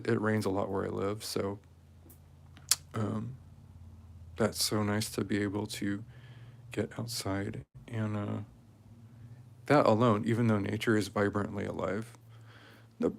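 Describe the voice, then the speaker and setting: A man in his forties talking casually and rambling while he strings beads, with many pauses and fillers. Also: fairly low pitch, level tone, creaky. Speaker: craft video maker. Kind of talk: casual talk while crafting.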